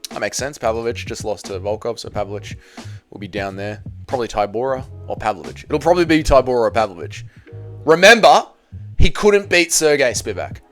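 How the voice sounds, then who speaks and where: Male vlogger, lively swinging delivery, faint music underneath, casual profane recap. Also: mid-range voice, fairly quick. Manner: blunt, profane, animated ranting. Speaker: MMA commentary channel host. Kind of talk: casual opinionated fight recap.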